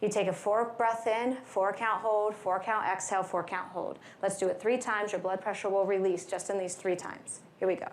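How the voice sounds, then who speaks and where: A woman giving an energetic, upbeat wellness talk at a conference, leading the audience through stretches and breathing with playful asides. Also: mid-range voice, moderate pace, hardly any pauses, roomy sound, a little hiss or hum. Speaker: wellness speaker. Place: large conference hall.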